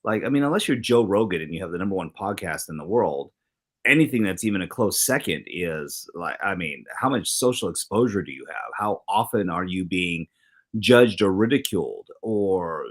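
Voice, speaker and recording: Animated middle-aged male talk show co-host. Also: normal speed. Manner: animated, acts out quoted exchanges with big pitch swings. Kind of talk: casual talk show chat.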